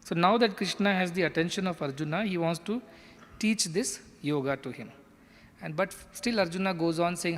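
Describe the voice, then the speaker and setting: A man's voice: high voice, moderate pace, in a large hall. A man giving an earnest scripture lecture, explaining step by step. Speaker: scripture teacher.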